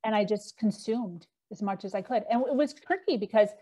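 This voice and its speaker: A middle-aged woman speaks as a podcast guest, recounting her past frankly. She talks in a loose, unpolished way, full of fillers and quoted back-and-forth. Her voice sits at an ordinary middle pitch for a woman. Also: fairly quick, mellow. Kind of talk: candid personal storytelling.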